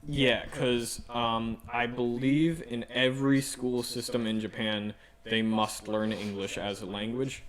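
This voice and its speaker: Halting young-sounding man in chat. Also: mid-range voice, fairly even intonation. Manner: halting, many restarts and fillers. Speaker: podcast participant planning a Japan trip. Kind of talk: casual chat.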